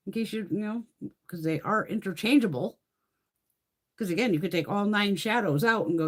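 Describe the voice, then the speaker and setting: On a relaxed beauty livestream, a middle-aged woman with an expressive, medium-pitched voice chats fairly quickly. Frequent swearing and laughter fill the gaps between her thoughts.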